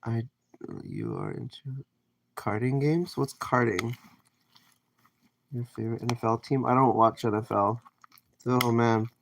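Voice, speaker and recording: A Canadian livestreamer in his home kitchen cooks and chats with viewers, reading comments and rambling in response. His mid-range voice is gravelly and sing-song, a little slow, with long pauses and a faint hiss or hum.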